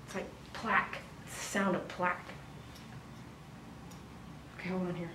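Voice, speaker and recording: A woman dog groomer giving casual running commentary while she works, chatty and softly cooing to the dog. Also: lowish voice, flat delivery, normal speed, background noise. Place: grooming salon. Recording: echoey room, mic at a distance.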